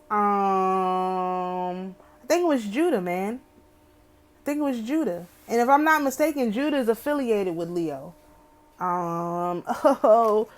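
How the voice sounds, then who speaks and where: A woman hosting an astrology channel. She reads a text aloud and keeps breaking off for wry, opinionated asides, often asking "okay?". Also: fairly high pitch. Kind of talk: reading a text aloud with commentary.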